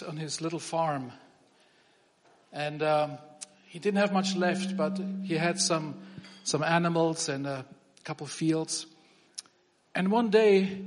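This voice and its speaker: A man preaching a sermon in a relaxed, conversational way, often restarting his phrases. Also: on the high side. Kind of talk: sermon with humor. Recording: long reverb of a hall.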